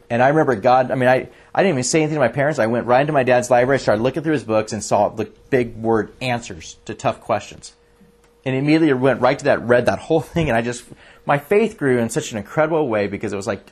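Male pastor, sermon, husky voice, earnest, animated storytelling. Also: mid-range voice, fast.

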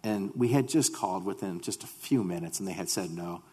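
Man, very deep voice, personal testimony, halting and repeating words, earnest, long hall reverb. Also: slightly rough. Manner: halting, repeats words when starting sentences; earnest, animated storytelling. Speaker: speaker sharing a mission testimony.

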